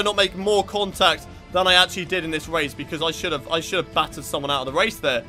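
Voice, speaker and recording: A man's voice: high voice, fairly even intonation, fast, hardly any pauses, faint music behind. Sweary British man commentating a racing game. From Britain. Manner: frustrated, sweary, shouts at rival drivers. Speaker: gaming YouTuber.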